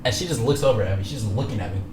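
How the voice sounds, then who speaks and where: A young man telling a story from his own life as a streamer, rambling, slangy and repeating himself, sometimes dropping to a hushed low voice. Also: rapid-fire, slight background noise. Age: young adult. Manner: drops to a hushed low voice for spicy parts. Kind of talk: casual storytelling.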